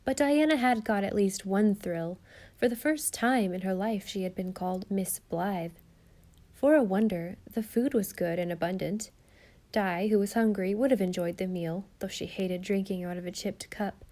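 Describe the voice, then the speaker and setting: Mellow-voiced woman narrating a story. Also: medium pitch. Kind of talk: audiobook narration.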